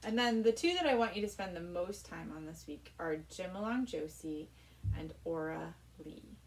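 A woman's voice: on the low side, expressive, normal speed, a little hiss or hum. A woman giving a music lesson, explaining patiently in a casual teaching manner. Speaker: cello teacher. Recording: from a distance with cello playing.

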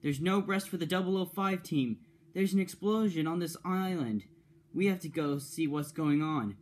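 A man voicing a brave young male engine who leads his team, shouting excited commands. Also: a little high, moderate pace, voice pushed up, lightly acted. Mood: urgent.

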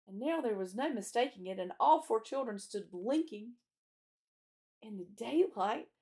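A woman, a children's chapel teacher, reading a storybook aloud in a gentle, clear way. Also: fairly high pitch, expressive, measured pace.

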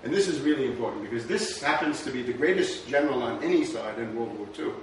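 In an expressive, medium-pitched voice, a man speaks fast while lecturing on history, rhetorical and conversational, with "right?" cropping up often. A distant mic captures the very echoey lecture room and faint noise.

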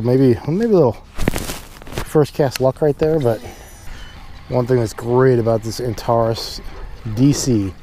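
A man's voice: medium pitch, slight background noise. A young man hosting a fishing channel, chatting casually and upbeat outdoors by a pond in the rain, talking to a camera mic. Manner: upbeat, excited when catching fish. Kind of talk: casual outdoor vlog talk.

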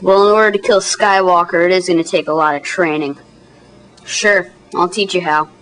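A young woman doing all the voices in a homemade toy-figure animation, jumping from one character to the next with big pitch swings. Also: fairly even intonation, moderate pace, a bit bright. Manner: switches pitch wildly between characters, often squealing high.

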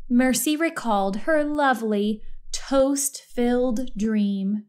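Woman reading a kids' book out loud, slow and careful, kinda high voice. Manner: slow, expressive and deliberate. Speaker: story reader. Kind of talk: children's storybook read-aloud.

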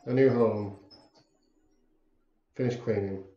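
A man's voice: on the low side, steady tone, slow, reverberant, highs cut off, a little hiss or hum. A man commenting on a game as he plays, swearing and joking at it. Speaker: gamer. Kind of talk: let's play commentary. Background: game music.

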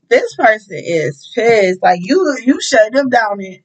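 High-voiced profane woman reading tarot. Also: slow, hardly any pauses, breathy edge, dull audio. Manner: profane, animated, breaks into song. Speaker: tarot reader. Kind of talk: casual tarot reading with singing.

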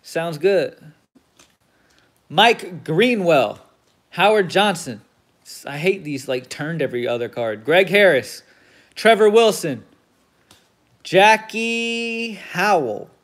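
A man with a high voice hosts a card break, reading off each player's name at an unhurried pace. He swears casually and perks up when a big card turns up. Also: expressive, fairly bright tone. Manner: reels off player names, gets hyped at big pulls, swears casually. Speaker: host of a card break stream. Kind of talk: casual commentary while opening card packs.

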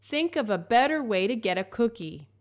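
A woman voicing a patient mother in a children's story read aloud, calmly and gently correcting her small boy. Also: on the high side, normal speed, pitched below the performer's own voice. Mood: gently firm.

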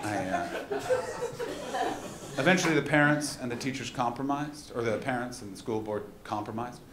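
A young man doing a live stand-up routine, self-deprecating and anxious, bursting into shouted quotes. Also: mid-range voice, moderate pace, background noise. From Canada. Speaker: stand-up comedian. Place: festival comedy venue stage. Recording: echoey live room with loud audience laughter.

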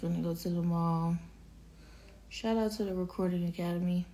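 A woman's voice: fairly low pitch, steady tone, normal speed, dark tone, a little hiss or hum. A woman in her thirties on a casual, emotional livestream, choked up and holding back tears as she thanks viewers by name. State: teary, choked up. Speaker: singer addressing livestream viewers.

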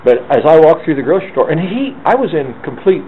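Sex: man. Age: 50s. Role: interviewee. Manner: lively storyteller who acts out quotes. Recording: narrow phone-like sound with faint hiss. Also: a little high, quick pace. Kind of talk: oral history storytelling.

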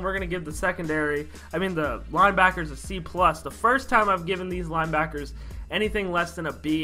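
A man's voice: high-pitched, bright, forceful tone. A young man hosting a football recap, ranting in frustration with lots of swearing and rhetorical questions. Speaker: sports podcast host.

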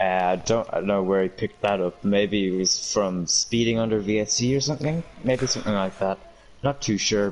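A man's voice: on the low side, a little hiss or hum, rough recording. A man chipping in offhand remarks as co-commentator on a live race.

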